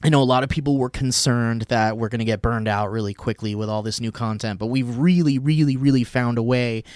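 A man's voice: medium pitch, a little fast, a little mellow, dry recording. Male podcast co-host, mid-range voice, chatty and upbeat, dry close mic. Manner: rambling, upbeat, laughs often. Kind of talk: casual podcast chat.

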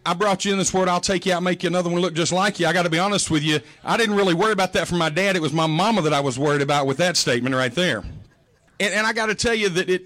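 Middle-aged male pastor, high-pitched, folksy storyteller with a joking delivery. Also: fairly bright tone. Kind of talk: sermon.

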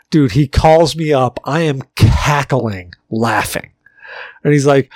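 A man co-hosts a casual podcast and spins an animated, profane story. His voice sits in the middle range. The recording is dry and close, with no room sound. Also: mid-range voice, unhurried, no room sound. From Virginia, United States. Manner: animated storyteller, laughs, swears often. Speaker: podcast co-host. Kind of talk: casual chat.

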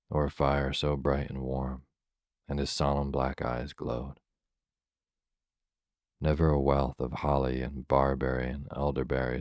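Super deep guy reading a sleepy bedtime story, totally flat and steady, dry close sound. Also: no room sound. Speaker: narrator.

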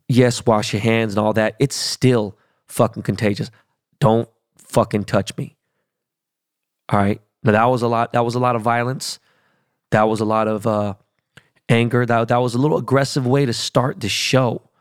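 A man hosting his podcast in a casual monologue, profane and emphatic, his voice rising high when he gets worked up. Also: creaky, no room sound, studio quality. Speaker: podcast host. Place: Los Angeles studio.

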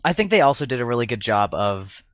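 A man's voice: medium pitch, big pitch swings, quick pace, dry recording. Rambling man on a podcast. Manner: rambling, with many fillers. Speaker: podcast guest. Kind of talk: casual chat.

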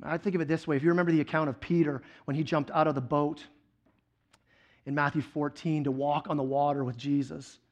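High-voiced man preaching an animated sermon. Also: a little fast, lo-fi sound. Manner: animated storytelling, swings from loud excitement to quiet intensity. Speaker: guest preacher.

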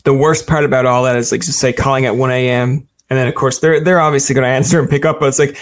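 A man's voice: mid-range voice, steady tone, quick pace. A man hosting a podcast interview in casual chat, playful and jokey, rambling with lots of fillers. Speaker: podcast host.

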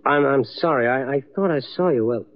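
A man's voice: mid-range voice, a little fast, slight background noise, natural voice. An actor playing a wisecracking young newspaper reporter who narrates his own case in a 1940s radio drama, in terse hard-boiled style. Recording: dull old radio broadcast.

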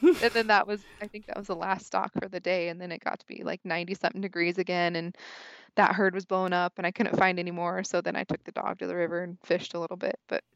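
A woman's voice: lowish voice, quick pace, vocal fry, dry recording, dull audio. Chatty young woman telling a story. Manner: animated, frequent "like", acts out her own thoughts. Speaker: podcast guest, hunter. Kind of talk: casual storytelling.

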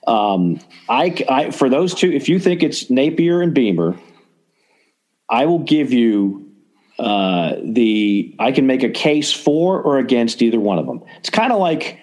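A man hosting a casual sports podcast, talking in an animated, opinionated way and rambling with restarts. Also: mid-range voice, a little slow. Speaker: podcast host.

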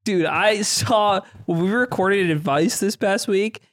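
A man's voice: high-pitched, unhurried, fairly bright tone, no room sound. Man, podcast co-host, crude joking banter, very dry close sound. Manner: crude teasing banter, laughs often. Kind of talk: casual chat.

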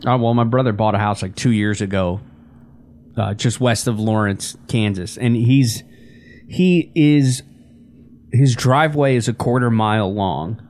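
Male podcast co-host, low-pitched, dry and laid-back, casual storyteller. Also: unhurried, a little mellow. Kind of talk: casual sports podcast chat.

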